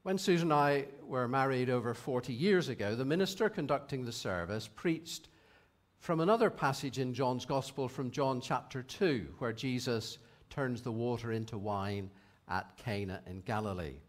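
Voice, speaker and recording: A man in his sixties preaching a sermon in a measured, reflective way, reading scripture passages aloud. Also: medium pitch.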